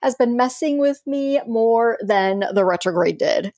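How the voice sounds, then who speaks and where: A woman co-hosting a podcast in casual chat, wry and quick to laugh, often restarting her sentences. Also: on the high side, expressive, darkish tone, no room sound, clean studio sound. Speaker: podcast co-host.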